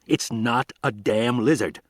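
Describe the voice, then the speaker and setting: A man's voice: mid-range voice, unhurried, no echo, studio quality, lightly acted. A man reading an audiobook, voicing a cold, stubborn male scientist who talks in a clipped, exasperated way.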